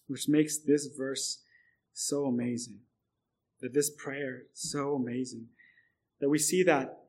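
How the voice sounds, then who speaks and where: A man's voice: medium pitch, husky. A man preaching a sermon in an earnest way, often restarting and repeating words, then building up through long lists.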